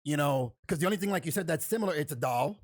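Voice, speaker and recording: A man's voice: fairly high pitch, animated, no echo, studio quality. A man co-hosting a podcast, chatting casually, often laughing and chiming in with questions. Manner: quick, laughs often, chimes in. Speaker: podcast co-host.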